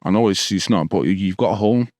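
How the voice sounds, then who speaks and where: A man's voice: deep voice, brisk, darkish tone, dry recording, clean studio sound. A man from Stockport with a Manchester accent, a podcast guest in his thirties telling stories in casual street slang. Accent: Manchester English. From Stockport, England. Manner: casual street slang, repeated "bro" and "do you know what I mean". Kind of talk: storytelling in a podcast interview.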